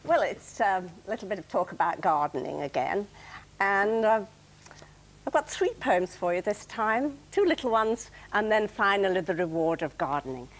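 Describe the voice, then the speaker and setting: A middle-aged woman reads her own comic poems as a guest on a television programme. Her voice rises and falls with animated expression while she chats and recites. Her pitch sits at the middle for a woman. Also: moderate pace, rough recording. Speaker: guest poet. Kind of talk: reading her own light verse. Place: television studio.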